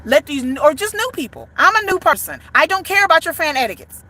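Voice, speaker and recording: High, bright-voiced woman ranting bluntly. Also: big pitch swings, quick pace. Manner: blunt, profane, emphatic. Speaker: boy band fan content creator. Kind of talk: ranting commentary.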